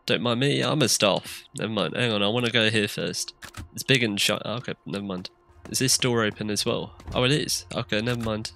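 A man's voice: medium pitch, creaky, a bit bright. A young man giving jittery let's play commentary on a horror game, shrieking when scared. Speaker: gamer.

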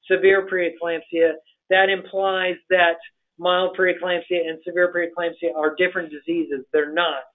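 A man delivers a medical webinar lecture in a fairly high voice, pausing often on ums and uhs as he explains. The sound is thin and narrow, like a phone line. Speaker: physician lecturer. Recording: tinny phone-like webinar audio.

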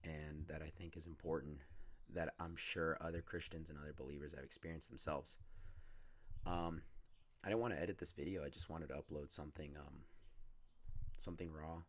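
A man with a hoarse voice from a cold, talking loosely with many fillers and praying aloud. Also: rumbling low, fairly even intonation, moderate pace. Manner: unscripted, rambling, many fillers. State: lost voice from a cold. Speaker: Christian vlogger. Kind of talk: casual talk and spoken prayer.

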